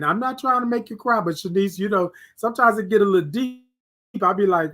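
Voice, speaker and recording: Casting note: male host with a high voice, motivational morning livestream, repetitive and preachy. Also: very animated, normal speed. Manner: reads out viewer comments, preachy and repetitive; swings between soft hushed words and loud emphatic bursts.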